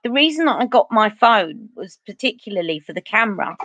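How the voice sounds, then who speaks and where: A woman's voice: mid-range voice, very animated, a little fast, fairly bright tone, no room sound. Cockney lady from east london rambling on a makeup livestream, chatty, dead dry sound. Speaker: beauty vlogger host. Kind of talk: casual chat during livestream makeup.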